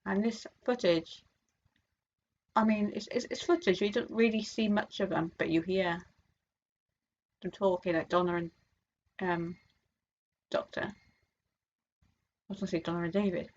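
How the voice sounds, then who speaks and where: A woman's voice: lowish voice, steady tone, a little slow, long pauses, husky, dull audio. A woman chatting casually to camera as a fan vlogger, rambling with many fillers and restarts. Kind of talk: casual chat.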